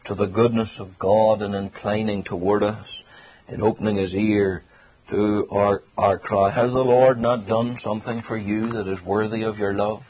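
A man preaching a sermon earnestly, swelling and then dropping his voice for emphasis and slowing down on key phrases. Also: lowish voice, slightly rough, dull audio.

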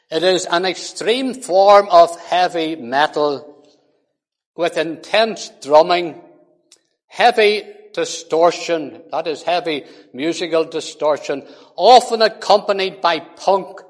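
Emphatic preacher in a reverberant hall. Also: male voice. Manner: emphatic, rising to forceful peaks then dropping low; slow, deliberate delivery. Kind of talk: sermon.

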